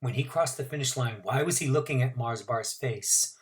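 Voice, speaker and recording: A man's voice: mid-range voice, moderate pace. A man teacher reading a novel aloud to his class, adding asides and explanations for his students.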